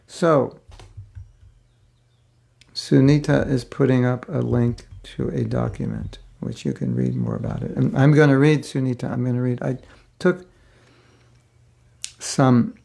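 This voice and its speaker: An older man gives a spiritual class as a casual storytelling lecture, telling a personal story in a rambling, conversational way packed with fillers. His voice is medium-pitched and mellow, with vocal fry.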